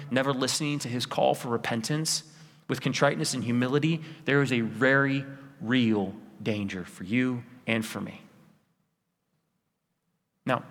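A pastor preaches a sermon in a church sanctuary, earnest and pleading, using repeated rhetorical lists. His voice is mid-range with a fairly bright tone, and the church hall adds long reverb.

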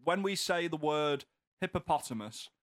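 A man's voice: fairly high pitch, lively intonation, moderate pace, a bit bright, no echo. A man hosting a podcast in casual chat, joking in a dry, mock-formal way. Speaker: podcast host.

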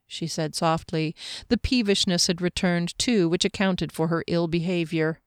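A woman reading a fantasy novel aloud in a steady, even narrating voice. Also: on the low side, moderate pace, no echo, studio quality. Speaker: audiobook narrator.

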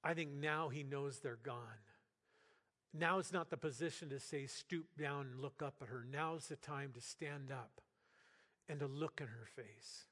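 An older man preaching a sermon as pastor in a church, talking to the congregation in an earnest, conversational way with bursts of loud emphasis. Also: medium pitch, a little slow. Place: church sanctuary. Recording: long hall reverb.

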